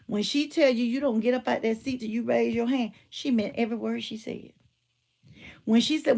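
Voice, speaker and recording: A middle-aged woman, telling stories and giving emphatic, animated commentary. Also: a little high, moderate pace, gravelly. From Georgia, US. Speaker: motivational speaker and teacher. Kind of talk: casual commentary with storytelling.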